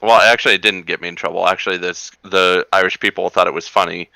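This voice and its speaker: Man from the western US, low crisp bright voice, animated storyteller for a casual podcast chat. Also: quick pace, dry recording, poor audio. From western United States. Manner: animated storyteller, slips into mock accents.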